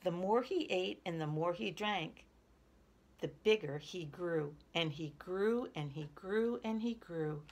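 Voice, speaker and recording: A woman reading a children's picture book aloud in a lively, expressive way. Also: lowish voice, slow pace. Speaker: storyteller.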